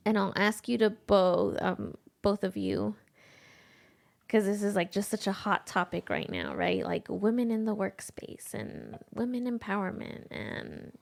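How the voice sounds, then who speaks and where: A woman hosting a podcast, talking in long energetic run-on thoughts with plenty of fillers. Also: mid-range voice, vocal fry. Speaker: podcast host. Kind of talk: casual conversation.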